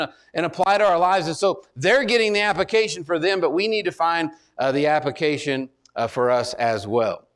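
A man's voice: high-pitched, a bit bright. A male pastor preaching a conversational sermon, often repeating words and asking listeners whether they remember. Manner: conversational, repeats words, asks congregation to recall.

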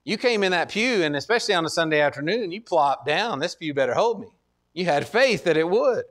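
A man's voice: high voice, lively intonation, a little fast, a bit bright. Earnest man preaching a conversational sermon. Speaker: pastor. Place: church.

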